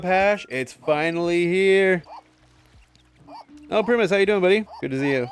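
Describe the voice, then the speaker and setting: A man's voice: high-pitched, moderate pace, soft background music. A young man live-streaming a game, chatting with viewers in a joking, sarcastic way and swearing casually.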